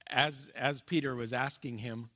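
A man preaching a sermon in an earnest, plain-spoken way. His voice sits at an ordinary middle pitch, and he often pauses and restarts. He lets key points fall low and soft. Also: steady tone. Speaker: pastor.

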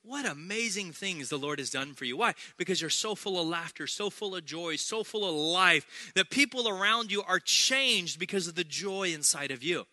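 High, bright-voiced pastor preaching. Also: male voice, moderate pace, few pauses, no echo. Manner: energetic, humorous preaching with repeated phrases. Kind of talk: sermon.

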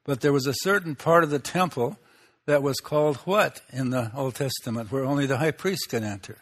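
A man preaching a sermon, teaching in an unhurried way, pausing often and asking the listeners rhetorical questions. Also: medium pitch.

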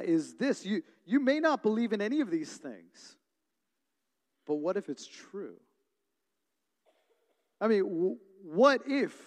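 A man in his thirties, a pastor preaching a sermon and telling stories with lively energy. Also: high-pitched. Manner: storytelling, animated when retelling family moments. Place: church hall. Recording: long reverb of a large hall.

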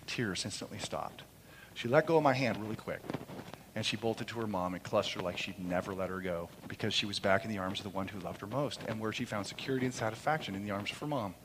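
A middle-aged man preaching a sermon in church, impassioned, moving between loud proclamation and soft, quiet storytelling. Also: on the low side, quick pace, noisy background. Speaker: pastor. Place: church sanctuary during a service. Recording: long hall reverb.

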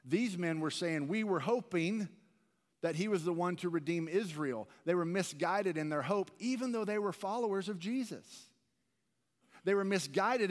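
Earnest preacher in a reverberant hall. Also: male voice, on the high side. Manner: earnest, conversational preaching with repeated restarts. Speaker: pastor. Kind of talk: sermon. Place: large church sanctuary. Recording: long reverb of a church hall.

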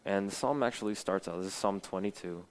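A man's voice: sits low, fairly quick, a little mellow, low-quality recording. A young man preaching a sermon and reading scripture aloud, earnest, with many fillers and restarts.

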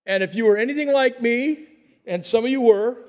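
A middle-aged man preaching a conversational sermon with chatty asides, dropping to a hushed voice on calm phrases. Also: very high voice, brisk. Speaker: pastor.

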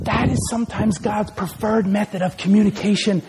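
Male pastor, very high voice, impassioned sermon, shouting then whispering, church. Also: fairly even intonation, a little fast, few pauses, heavy background noise.

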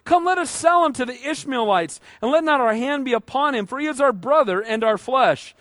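A man preaching a sermon, acting out the voices of people from the Bible in a lively way. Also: very high-pitched, fairly quick, no room sound, clean studio sound. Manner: animated, acts out voices of Bible figures. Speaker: pastor.

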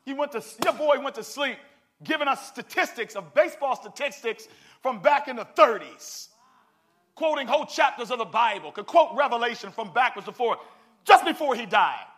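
Pastor, male, high bright voice, lively call-and-response preaching. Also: moderate pace. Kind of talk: sermon.

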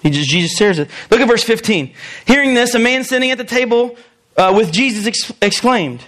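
High-voiced male pastor preaching conversationally. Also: animated, brisk, a bit bright. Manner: conversational, acts out quoted voices, chuckles. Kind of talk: sermon.

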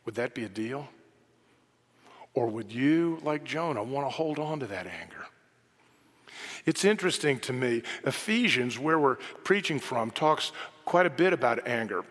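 A man preaching a sermon in a conversational way, moving between soft, quiet asides and emphatic quoted lines. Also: mid-range voice, lively intonation, normal speed. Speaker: pastor. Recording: reverberant hall.

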